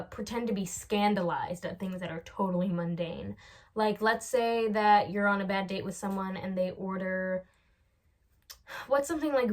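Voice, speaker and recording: A young woman giving comedic advice as a vlogger, rambling and acting out both sides of little dialogues. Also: medium pitch.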